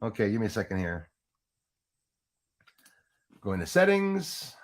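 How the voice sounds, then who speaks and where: A man's voice: on the low side, very animated, a little slow, slight background noise. A man rambling through a casual live stream from his home setup. He restarts his sentences often and laughs at his own jokes. He talks into a USB microphone. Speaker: livestream host. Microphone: Yeti USB microphone.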